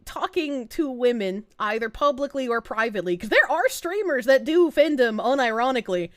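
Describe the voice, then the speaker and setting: A woman's voice: sits high, animated, moderate pace, dry recording, clean studio sound. A woman streamer chatting casually and rambling on a live stream, laughing often between lines.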